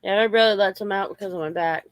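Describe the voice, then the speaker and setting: Woman vlogger, blunt and salty, mid-pitched, dry recording. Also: fast talker, clean tone, no room sound. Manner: coarse, chatty, scolds and coos at dogs. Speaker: vlogger talking to her dogs. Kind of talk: casual chat with pets. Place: home with dogs around.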